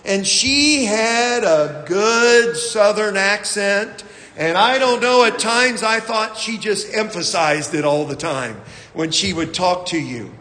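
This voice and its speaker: A male pastor with a high, unhurried voice preaches in a church sanctuary, where long reverb trails behind his words. He reads scripture and then eases into folksy, self-deprecating stories full of filler words. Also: bright, forceful tone. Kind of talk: sermon.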